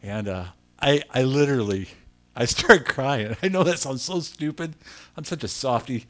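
An older man preaching a sermon, telling a personal story in an animated, emotional, self-deprecating way. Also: mid-range voice, moderate pace.

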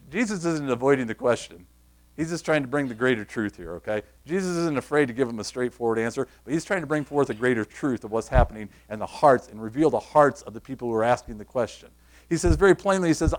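A man preaching a sermon in a conversational, emphatic way, repeating key phrases and asking the congregation questions. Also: fairly high pitch. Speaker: pastor.

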